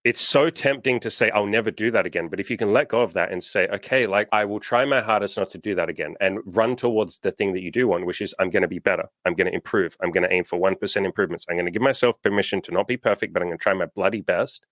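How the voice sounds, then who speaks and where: A man's voice: low voice, fast talker, few pauses, fairly bright tone, dry recording. A man hosting a coaching interview, talking frankly and emphatically with casual swearing. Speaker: coach and host.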